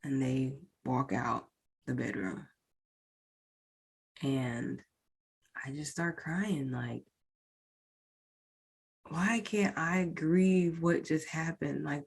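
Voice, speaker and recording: A woman's voice: low voice, slow pace, creaky, long pauses, slightly rough. A woman podcast host recounting a painful personal experience in a candid, emotional way, speaking directly to her listeners. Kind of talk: personal storytelling.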